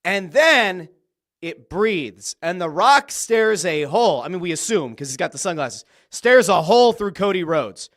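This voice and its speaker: A man hosting a solo wrestling podcast, telling the story with excitement and casual swearing. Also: high-pitched, measured pace. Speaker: podcast host.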